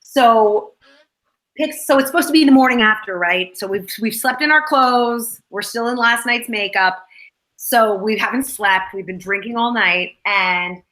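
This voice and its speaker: Woman guest, actress, rambling storyteller, bright voice. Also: fairly high pitch, a little slow, low-quality recording. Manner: rambling behind-the-scenes storytelling. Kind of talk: casual chat.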